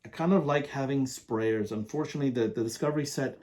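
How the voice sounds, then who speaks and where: A man reviewing perfumes in a casual, enthusiastic, rambling way, often pausing to read product descriptions aloud. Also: mid-range voice, darkish tone.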